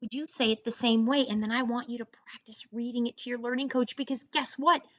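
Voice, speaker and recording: A woman teaching an online first grade reading lesson, encouraging young children and sounding out words slowly. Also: fairly high pitch, fairly even intonation, a bit bright, no echo.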